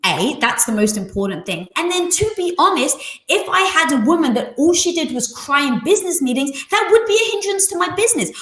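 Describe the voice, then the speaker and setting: Animated woman guest, high and lively. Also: roomy sound. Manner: emphatic, animated, candid. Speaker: podcast guest, entrepreneur. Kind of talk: casual interview conversation.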